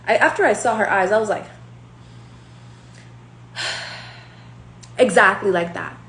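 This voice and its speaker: A woman's voice: mid-range voice, a little slow, fairly bright tone. Brash, profane woman tarot reader. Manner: profane and confrontational, rambling. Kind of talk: casual tarot reading rant. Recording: echoey room with faint hum.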